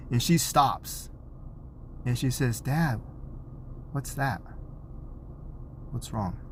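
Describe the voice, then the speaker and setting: Dad telling a story to camera, lively and animated, acting bits out, mid-pitched. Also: male voice, slight background noise. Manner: animated storyteller, acts out scenes. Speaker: parent. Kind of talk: storytelling vlog.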